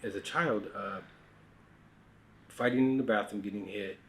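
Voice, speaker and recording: Speaking at normal speed in a somewhat bright voice on the low side, a middle-aged American man shares personal stories conversationally. He frequently starts sentences over and lowers his voice for asides, coming across as candid and unrehearsed, with slight background noise.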